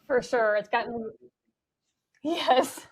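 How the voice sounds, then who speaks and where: Woman guest, fairly high pitch, halting and searching for words, laughs easily. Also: breathy edge. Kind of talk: casual conversation.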